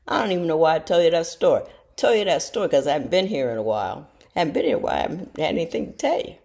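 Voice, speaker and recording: A middle-aged woman, telling casual stories to her viewers in a chatty, self-mocking way and jumping into high voices when she quotes people. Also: gravelly, warm tone. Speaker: show host talking to viewers. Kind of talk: casual storytelling monologue.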